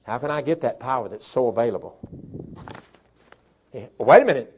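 A man preaching a sermon as pastor, dropping to quiet talk and rising to shouted preaching. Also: mid-range voice, animated, a little fast, a little hiss or hum. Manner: swings from soft talk to shouted preaching, imitates a chainsaw.

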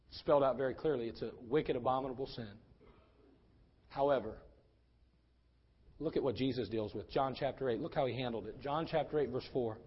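A male pastor preaching a sermon, fiery, swinging from quiet talk to shouting. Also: medium pitch, breathy edge, muffled recording.

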